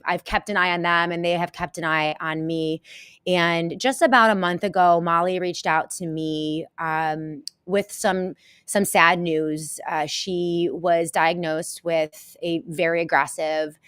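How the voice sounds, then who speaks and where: Woman, live show host, tearful, halting, emotional, lowish voice, dry sound. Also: clear, resonant tone, dry recording. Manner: halting and emotional, many pauses and restarts. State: tearful, close to crying. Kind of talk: casual live-stream talk to viewers.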